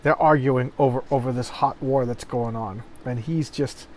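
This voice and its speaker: A man's voice: medium pitch, steady tone, moderate pace, darkish tone, rough recording. Rambling man flipping through a comic. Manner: rambling, repeats words, paraphrases the panels. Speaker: comic book reviewer. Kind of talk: casual comic walkthrough. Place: hot room with a noisy fan. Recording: faint fan noise behind.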